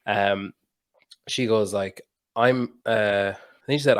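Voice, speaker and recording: A man hosting a podcast, telling a story with animated quoted dialogue and plenty of swearing. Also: on the low side, takes it slowly, clear, resonant tone. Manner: animated anecdote-telling, swears freely, mimics people in quotes. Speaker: podcast host. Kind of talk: casual podcast conversation, storytelling.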